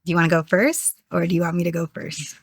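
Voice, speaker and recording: A woman's voice: lowish voice, steady tone, quick pace, dry recording. Giggly young woman hosting, dry mic. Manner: giggly, teasing, laughs often. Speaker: podcast host. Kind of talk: casual podcast chat.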